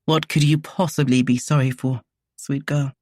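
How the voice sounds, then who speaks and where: A woman voicing a gentle, devoted male duke in a romance audiobook, speaking low, quietly and tenderly. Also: fairly even intonation, normal speed, dry recording, studio quality. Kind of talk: audiobook character voice.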